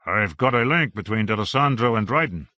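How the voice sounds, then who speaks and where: A man voicing a researcher giving brisk, factual findings in an audiobook. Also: lowish voice, lively intonation, bright, forceful tone, no room sound, studio quality. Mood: businesslike.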